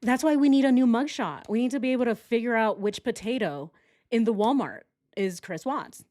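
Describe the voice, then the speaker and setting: A woman's voice: a little high, a little fast, darkish tone. A young woman hosting a casual true crime stream, sarcastic and giggly, talking to her chat as she reacts. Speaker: true crime livestream host.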